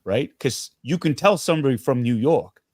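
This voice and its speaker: A middle-aged man from Canada, a guest actor speaking in a casual interview, earnest and animated, often restarting his sentences. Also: mid-range voice, normal speed, dry recording, clean studio sound.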